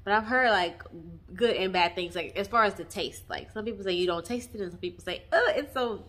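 A young woman chatting to her viewers, warm and emotional, often saying y'all. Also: mid-range voice, a little fast. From Texas. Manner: emotional, near tears at times. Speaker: vlogger. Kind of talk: casual chat. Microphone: camera mic on tripod.

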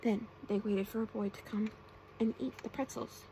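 Woman, whispered role-play, bedtime reading, gravelly voice, slightly high. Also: level tone, normal speed, a little hiss or hum, low-quality recording. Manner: soft, hushed bedtime reading. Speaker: ASMR storyteller.

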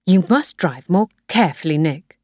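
A woman's voice: fairly low pitch, measured pace, a little mellow, no echo, clean studio sound, lightly acted. A woman reading the lines of a tense, guarded young woman in a storybook, in a clipped, serious way. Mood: angry.

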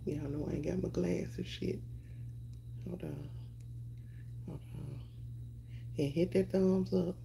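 Brief: laid-back woman streamer on a phone, low, gravelly and dark voice, chatty. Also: fairly even intonation, slow, pauses often, slight background noise. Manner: loose, chatty, greets viewers by name, swears casually. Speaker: live stream host. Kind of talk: casual live stream chat.

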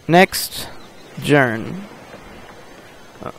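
Slow, muttering gamer man, high voice. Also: expressive. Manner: mutters and jokes to himself while playing. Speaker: gameplay host. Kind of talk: casual gameplay commentary.

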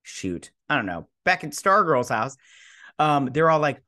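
Young man, casual recap host, medium pitch, rambling, filler-heavy, chatty review. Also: lively intonation, moderate pace, pushed and bright. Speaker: YouTube show host.

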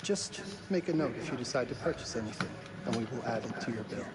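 An actor playing a courteous middle-aged hotel owner who speaks in a polished, formal way. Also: male voice, mid-range voice, fast talker, heavy background noise, lightly acted.

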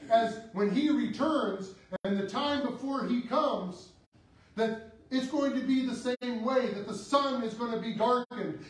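A man, a priest, delivering a sermon with slow, dramatic preaching that rises and falls sharply. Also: very high-pitched. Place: church. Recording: echoey church, voice from far off.

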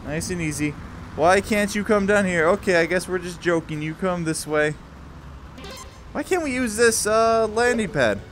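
A man giving excited, laughing commentary while playing a game, talking to the planes. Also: high voice, moderate pace, faint music behind. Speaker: gameplay streamer.

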